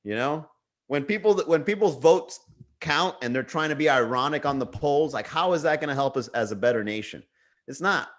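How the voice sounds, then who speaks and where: A man's voice: on the high side, animated, moderate pace. Rambling jokey man hosting a livestream. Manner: rambling, jokey, reads viewer comments aloud. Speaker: livestream comedy host. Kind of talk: casual comedic livestream chat. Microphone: webcam or desk mic for a livestream.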